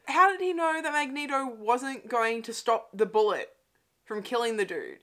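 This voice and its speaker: A woman's voice: fairly high pitch, lively intonation, normal speed, fairly bright tone. A young adult woman hosting a casual movie commentary from home, chatty and laughing often, with frequent swearing. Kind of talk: casual watch-along film commentary. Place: home room.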